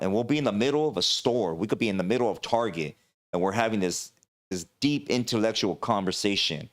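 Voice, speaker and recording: A man's voice: fairly low pitch, lively intonation, fast talker. Impassioned male livestream host. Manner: impassioned ranting with many "you know"s. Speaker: talk show host. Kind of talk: casual livestream talk.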